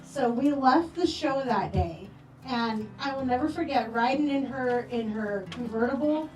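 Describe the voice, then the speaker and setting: A woman telling affectionate, animated stories about a late friend at a memorial, acting out quoted lines. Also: a little high, measured pace. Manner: animated storytelling with playful quoted voices. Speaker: memorial speaker. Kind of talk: eulogy storytelling. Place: memorial gathering hall. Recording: roomy echo, distant from mic, soft music.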